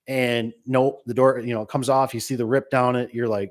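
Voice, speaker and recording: A man who runs a garage door business gives casual, rambling, folksy advice, acting out little exchanges with customers. His medium-pitched voice stays fairly even and moves fairly quickly.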